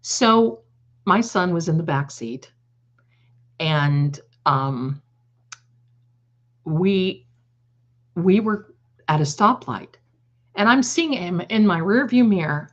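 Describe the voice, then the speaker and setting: An older woman hosting a tarot livestream, telling rambling funny stories in a chatty, digressive way and laughing at her own jokes. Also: mid-range voice. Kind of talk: casual storytelling to a live audience. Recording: slightly dull lo-fi sound.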